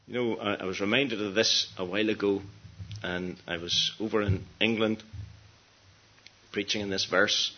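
A man preaching a gospel sermon, earnest, dropping to hushed tones and then rising to emphatic peaks. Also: fairly low pitch. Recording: dull lo-fi sermon recording.

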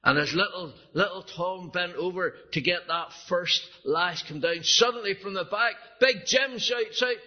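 Earnest male preacher, husky voice, dull lo-fi recording, pleading sermon delivery. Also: high voice, normal speed, few pauses. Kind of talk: evangelistic sermon storytelling.

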